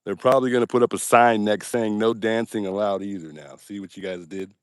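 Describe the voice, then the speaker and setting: A man's voice: lowish voice, steady tone, a little fast, clear, resonant tone, no room sound, studio quality. A man hosting a casual livestream outdoors at night, joking and poking fun at himself as he talks straight to his chat. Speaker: livestream host.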